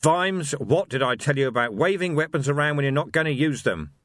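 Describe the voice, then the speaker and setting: A man voicing a hard-bitten middle-aged police sergeant who speaks low, steady and dryly confident. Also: brisk, no echo, clean studio sound.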